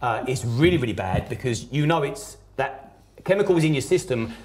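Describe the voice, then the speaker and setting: A man's voice: medium pitch, lively intonation, brisk. A man telling his personal story as a podcast guest, blunt and emphatic, swearing heavily.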